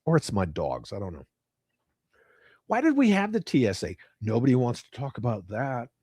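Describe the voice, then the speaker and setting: Middle-aged male streamer, swearing rant, lively swinging pitch, dry close sound. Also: normal speed, slightly rough, no echo. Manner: profane, ranting, reads chat aloud. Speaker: livestream host. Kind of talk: casual livestream chat.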